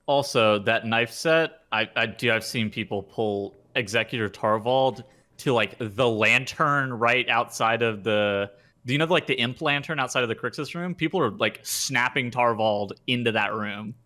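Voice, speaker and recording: Bright-voiced man tossing off quick remarks. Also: medium pitch. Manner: quick offhand remarks, casual slang. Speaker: podcast co-host. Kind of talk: casual gaming podcast chat.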